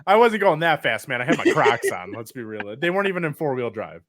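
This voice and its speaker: A man in his thirties co-hosting a comedy podcast, telling stories in casual chat with sudden loud outbursts. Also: mid-range voice, fast. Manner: animated, loud outbursts when retelling stories. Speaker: podcast co-host.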